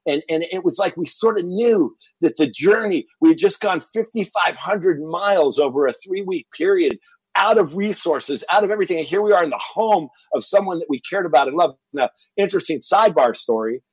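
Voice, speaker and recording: A man's voice: high voice, brisk, husky, no echo, poor audio. A man telling a personal story as a podcast guest, acting out what his family said. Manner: animated, acts out quoted family dialogue.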